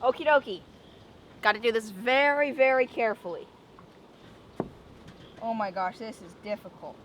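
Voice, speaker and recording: A woman's voice: fairly high pitch, normal speed, slight background noise. A young woman making a casual daily vlog, chatty and rambling, often repeating herself and saying "like". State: out of breath. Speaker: vlogger.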